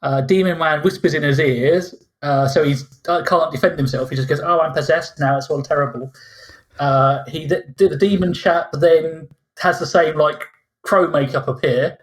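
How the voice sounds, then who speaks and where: A man's voice: a little high, normal speed. A man co-hosting a podcast, ranting about a film in casual talk, exasperated and mocking as he acts out sarcastic reactions. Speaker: podcast co-host.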